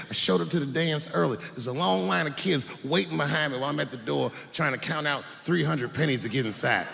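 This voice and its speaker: A man in his forties doing a stand-up comedy routine, telling drawling stories that swing between low mutters and sudden high, incredulous yelps. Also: vocal fry, fairly bright tone, a little hiss or hum. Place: large theater stage with live audience. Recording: live theater recording with hall reverb.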